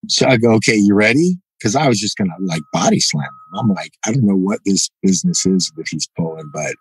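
Animated male storyteller, lots of "right?". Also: low-pitched, a little fast, husky, no echo, poor audio. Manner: animated, acts out quoted dialogue, frequent "you know" and "right?". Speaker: podcast guest, jiu-jitsu black belt. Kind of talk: casual storytelling interview.

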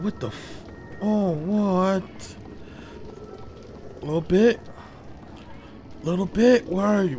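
Excitable young man yelling over gameplay. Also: fairly high pitch, noisy background. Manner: excitable, swearing, shouting in panic. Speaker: gaming streamer. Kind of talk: let's play commentary. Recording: game music behind. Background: game music.

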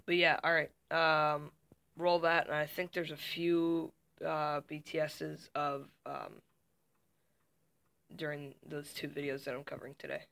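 A young man vlogging casually to camera from a small dark room, rambling with many fillers and restarts. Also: a little high, little pitch movement, a little slow, vocal fry. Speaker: YouTuber. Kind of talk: casual behind-the-scenes vlog. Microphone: camera mic.

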